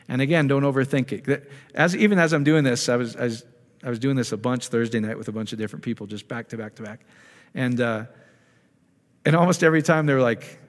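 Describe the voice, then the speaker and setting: A man's voice: medium pitch, fast. A man speaking as a ministry leader, teaching a live group in a casual, conversational way and checking in with the audience through questions. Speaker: ministry speaker leading prayer. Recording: long reverb of a hall.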